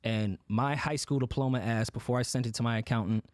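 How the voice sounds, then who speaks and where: A man's voice: medium pitch, steady tone, fairly quick, no room sound, clean studio sound. A man co-hosting a podcast, talking candidly and bluntly, with profanity, as he explains his side of a dispute. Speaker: podcast co-host.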